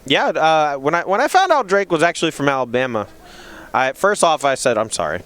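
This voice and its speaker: A man with a Southern US accent doing relaxed, chatty live commentary on a card game match. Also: a little high, brisk. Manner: relaxed and chatty, uses many fillers.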